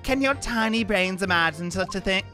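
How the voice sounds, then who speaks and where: A man reading game dialogue as a scornful, haughty English lady in a put-on British accent, slow and disdainful. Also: high-pitched, expressive, pushed and bright, faint music behind, pitched above the performer's own voice. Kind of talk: video game voice-over reading.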